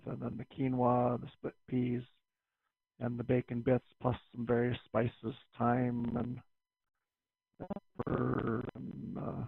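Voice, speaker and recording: A man's voice: medium pitch, vocal fry, husky, no echo. A man from Canada calling into a ham radio net, making easygoing small talk. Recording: tinny, dry radio link.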